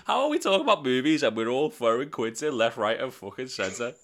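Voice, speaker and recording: Guy hosting a podcast, bright sharp voice, fed up and swearing. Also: mid-range voice, very animated, fairly quick. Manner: exasperated, sweary. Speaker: podcast host. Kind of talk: casual banter.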